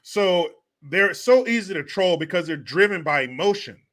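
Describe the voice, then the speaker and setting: A man's voice: high voice, lively intonation, normal speed, fairly bright tone. A man hosting a comedic political commentary show, talking in a crude, sarcastic way and laughing often. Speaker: host.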